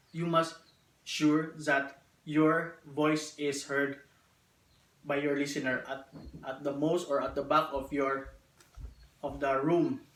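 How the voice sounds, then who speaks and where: Man, class presenter, very slow deliberate pace, measured phrasing, roomy echo. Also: on the high side, a bit bright. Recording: echoey room, distant mic.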